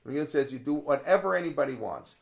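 Very fast and lively, with a fairly high pitch and vocal fry, a man teaches a Torah text class conversationally. He tosses out rhetorical questions, recites Hebrew verses, and keeps digressing and restarting.

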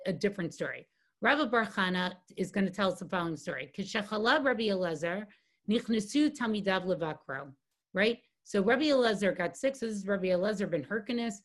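A woman giving a Talmud lesson as a guest teacher, reading Aramaic lines and translating them, tagging many sentences with "right?". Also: mid-range voice. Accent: Hebrew and Aramaic phrases read with Ashkenazi pronunciation. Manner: reads Hebrew and Aramaic text, then translates it, with frequent "right?" tags. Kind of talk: lecture on Talmud text.

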